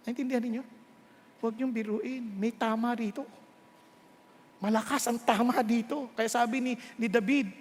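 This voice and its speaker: A male preacher with a Filipino accent delivers a sermon in a strikingly high voice. His words ring out with a long reverb, as if he is speaking in a large hall. He moves between English and Tagalog and keeps asking the congregation whether they are following. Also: brisk. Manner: mixes English and Tagalog, often checks in with the congregation.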